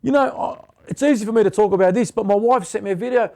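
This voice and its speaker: A man's voice: sits high, fast, vocal fry, darkish tone. A middle-aged man, giving blunt, punchy motivational talk to viewers and repeating short commands. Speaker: motivational host.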